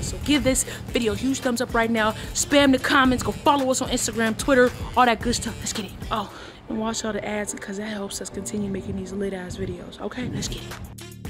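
A young woman in her twenties vlogging to the camera in a casual, hyped, playful way, full of slang. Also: on the high side. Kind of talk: casual vlog talk to camera.

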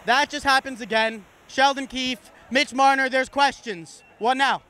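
A man's voice: very high-pitched, unhurried, sharp tone. A laid-back man interviewing a fan outdoors in a city, calling him buddy and bro. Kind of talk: casual comedic interview.

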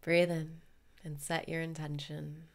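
A woman leading a guided meditation parody in a soft, calm voice that drifts into whispers. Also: low voice, measured pace.

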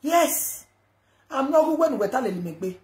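A woman with a Nigerian accent ranting on a live video, loud and rambling, mixing Pidgin with local languages. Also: high voice, lively intonation, slow. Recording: echoey room with background noise.

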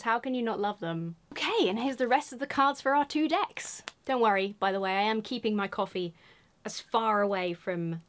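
A woman's voice: medium pitch, a bit bright. Gushing, giggly woman opening cards. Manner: gushing, giggly, whispers the flavour text. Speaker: video host opening trading cards. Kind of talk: casual chat, reading card text aloud.

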